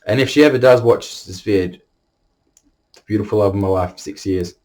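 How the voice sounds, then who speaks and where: A young man telling a personal story to the camera, halting and emotional, holding back tears. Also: on the low side, darkish tone. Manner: halting, emotional, many restarts.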